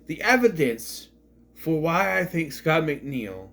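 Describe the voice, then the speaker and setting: A man's voice: a little high, big pitch swings, slow, fairly bright tone. A man giving a rambling, blunt and sarcastic casual movie review.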